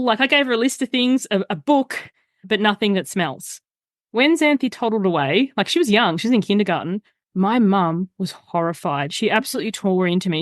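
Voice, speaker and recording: A middle-aged woman, a coach who is a guest on a podcast, chatting casually and telling lively stories, acting out quoted voices along the way. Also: medium pitch, dry recording, clean studio sound. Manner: animated storyteller, acts out quoted voices.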